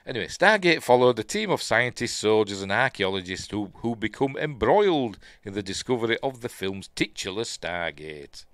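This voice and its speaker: Man, Yorkshire accent, lowish voice, casual live news commentary, rambling asides. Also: big pitch swings, moderate pace, hardly any pauses, a bit bright, no room sound. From Yorkshire, England. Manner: reads headlines aloud, then chats and rambles with fillers. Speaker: news stream host.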